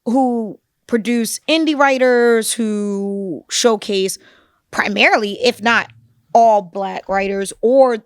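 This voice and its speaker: A woman co-hosting a book podcast, talking in an animated, conversational way with frequent asides. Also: on the high side, slow, clear, resonant tone, no echo, clean studio sound. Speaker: podcast co-host. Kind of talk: casual book discussion.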